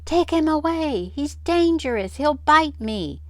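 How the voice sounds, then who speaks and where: An older woman voicing a fearful little girl who shrieks and wails in a high, pleading voice. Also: moderate pace, clean tone, no echo, natural voice. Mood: terrified. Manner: shrieking, wailing, high-pitched.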